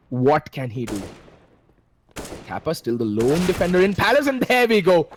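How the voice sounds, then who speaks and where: A man with an Indian English accent casting a shooter match live, excitable, his pitch leaping at big plays. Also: a little hiss or hum. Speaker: esports caster. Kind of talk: play-by-play commentary.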